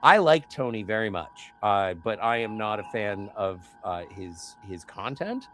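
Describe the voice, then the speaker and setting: A man chatting casually as a podcast co-host, animated, often slipping into quoted voices. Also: fairly low pitch, unhurried, slight background noise. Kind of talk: casual conversational chat.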